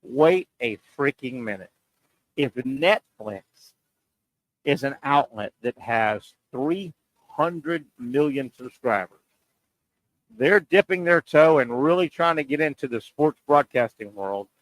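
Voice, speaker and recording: A man's voice: on the high side, expressive, fairly bright tone, no echo, poor audio. A man hosting a sports talk show, making his point with rhetorical questions and repeating key lines for emphasis. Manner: pauses and stretches words for emphasis.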